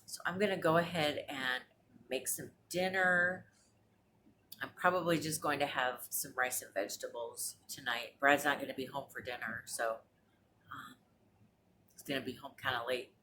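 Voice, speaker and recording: A woman around forty talks casually at home for her vlog in a low, deep voice. She rambles along with plenty of fillers and restarts. A faint hiss sits under the recording. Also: normal speed, bright, forceful tone. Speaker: vlogger. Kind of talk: casual chat. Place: apartment.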